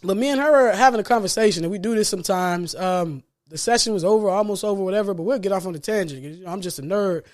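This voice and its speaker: A life coach hosts his own solo podcast, delivering a motivational monologue about healing in an earnest, preachy way. His voice sits high and moves fast with few pauses, and he repeats key phrases for emphasis and laughs lightly between points.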